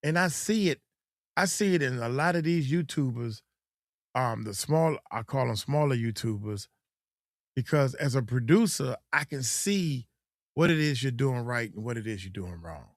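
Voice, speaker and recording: A man's voice: medium pitch, animated, normal speed, no room sound, studio quality. A middle-aged man, chatting loosely as a coach and host, often acting out quotes in mocking voices. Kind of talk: casual livestream chat.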